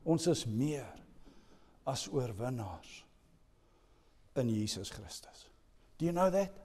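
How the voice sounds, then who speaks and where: A male pastor preaching a sermon, dropping to a hush and then rising to loud emphasis. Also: mid-range voice, sing-song, slow pace, slightly rough. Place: church hall. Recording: echoey church hall.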